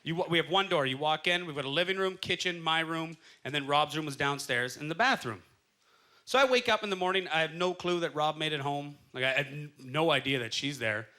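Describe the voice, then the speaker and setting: A Canadian stand-up comedian with a bright, high voice performs a set on a comedy club stage, talking fairly quickly. He tells stories and acts out quoted voices while the audience laughs.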